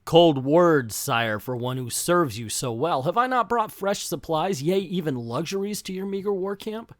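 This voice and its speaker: A man voicing a sly, menacing male assassin from a comic, speaking in a low, formal, archaic way. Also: expressive, normal speed, dry recording, clean studio sound, close to an everyday voice. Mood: silky.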